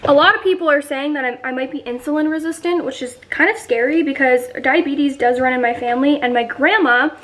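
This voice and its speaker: A woman's voice: high voice, fairly quick, few pauses, a bit bright, poor audio. A woman in her twenties talking casually to her vlog audience, chatty and rambling with lots of fillers. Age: 20s. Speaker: vlogger.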